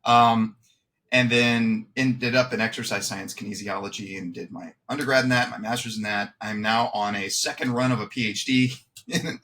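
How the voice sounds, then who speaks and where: Bright-voiced man rambling on a podcast. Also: lowish voice, a little hiss or hum. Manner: rambling, self-deprecating, many fillers. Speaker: podcast guest, exercise physiology researcher. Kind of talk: casual podcast chat. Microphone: webcam setup, video call.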